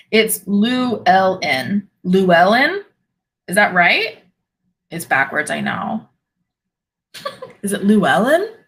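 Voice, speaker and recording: A woman's voice: mid-range voice, sing-song, extremely slow, pauses often, a bit bright, rough recording. A woman hosting a live stream, chatting casually as she answers viewers' questions and laughs often. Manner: chatty, laughs often, reacts to chat comments. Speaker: host of a spiritual live stream.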